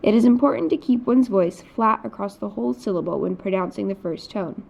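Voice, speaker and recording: A woman's voice: medium pitch, fairly quick, creaky, darkish tone. A woman teaching a recorded Mandarin lesson, explaining patiently in scripted narration. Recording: dull lo-fi recording.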